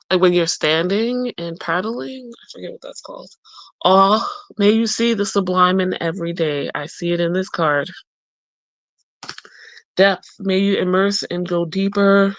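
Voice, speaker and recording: Slow, musing woman reviewing cards. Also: lowish voice, no echo. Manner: reads each card's message aloud, then muses on the image with hesitations. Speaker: tarot and oracle deck reviewer. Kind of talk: casual deck walkthrough. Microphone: close mic.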